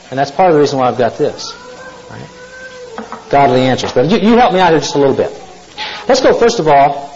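A man's voice: fairly high pitch, muffled recording. A man preaching to a congregation, telling folksy stories and asking the listeners questions. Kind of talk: sermon.

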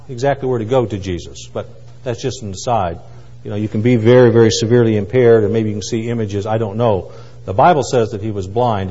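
A man preaching a sermon, swinging from loud cries to hushed, quiet asides. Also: medium pitch. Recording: muffled, with long hall reverb.

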